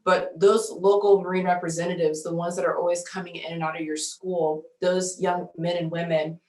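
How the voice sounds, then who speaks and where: A woman, a military band musician and outreach representative, speaking on an online panel in a measured, fluent way. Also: on the low side, level tone, mellow. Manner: measured and fluent, with occasional ums. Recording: roomy echo.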